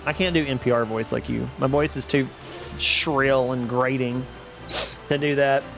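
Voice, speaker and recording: A man chats casually with viewers while live-streaming a game, rambling, poking fun at himself, and laughing often. His mid-range voice is steady, creaky, and unhurried, with music playing beneath it.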